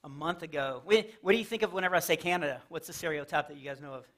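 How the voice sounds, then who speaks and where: Racing along in a fairly high, somewhat bright voice, a Texan man performs chatty stand-up for a church audience. The setting is a fellowship hall with a live crowd, and he playfully leaps into silly character voices.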